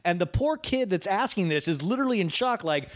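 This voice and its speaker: A man who is an actor, a guest on a casual podcast, talking excitedly and imitating characters and sounds. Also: high-pitched, fairly quick. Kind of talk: casual chat.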